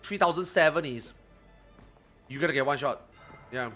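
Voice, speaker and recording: A man streaming games live, chatting casually and ranting with lots of swearing, getting loud when worked up. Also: a little high, normal speed, faint music behind. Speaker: gaming streamer.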